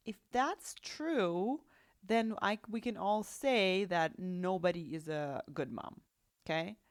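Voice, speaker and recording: A woman's voice: mid-range voice, dry recording, studio quality. A woman with a Russian accent hosting a solo podcast as a life coach, talking in a reassuring, conversational way and often checking in with "right?" and "okay?".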